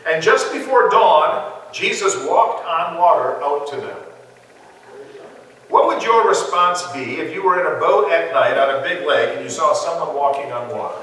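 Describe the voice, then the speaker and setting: A man's voice: a little high, expressive, moderate pace, sharp tone. A man leading a conversational Bible study, questioning his listeners and laughing along with them. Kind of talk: interactive Bible study teaching. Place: church hall. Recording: echoey hall from far off.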